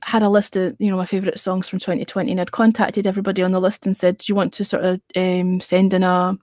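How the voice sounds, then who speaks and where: A woman's voice: fairly low pitch, level tone, fast talker, darkish tone, dry recording. Giggly, sleepy woman, dry sound. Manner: giggly, chatty, tells stories with filler words. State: sleepy, late at night. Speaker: livestream host. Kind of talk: casual chat.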